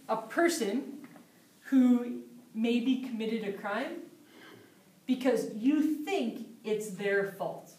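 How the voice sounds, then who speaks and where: Female language teacher, slow and patient, repeating examples, recorded from afar in a reverberant room. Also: fairly high pitch. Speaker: English teacher. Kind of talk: explaining vocabulary. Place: English conversation class room. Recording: roomy sound from a distant mic.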